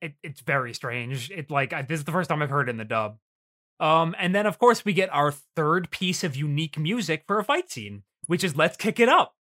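A man with a bright, forward voice sitting a little high in his range hosts a podcast in loose, casual chat. He talks with animated energy, swears freely and laughs often. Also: brisk. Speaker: podcast host.

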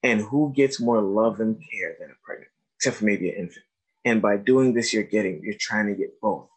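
A man's voice: fairly low pitch, normal speed, slightly rough. A man in his thirties giving an informal talk to educators about trauma, telling stories and acting out the voices of the people in them. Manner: storytelling, animated, acts out quoted dialogue.

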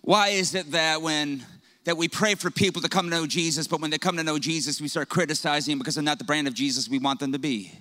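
A young pastor delivers a sermon to his congregation in a high, bright voice. His lively, engaging delivery includes stories told with humor and a conversational touch, plus quick asides.

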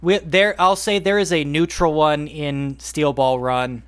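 A man's voice: a little high, steady tone, unhurried, clear, resonant tone, dry recording. A man co-hosting a podcast and running a quiz, talking casually and drawing out names like an announcer, laughing often. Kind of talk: casual chat.

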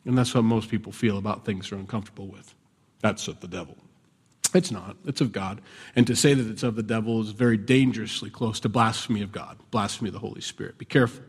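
A man preaching a sermon in a relaxed, conversational way, now and then raising his voice in animated bursts. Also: fairly low pitch, quick pace, slightly rough. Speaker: pastor. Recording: long hall reverb.

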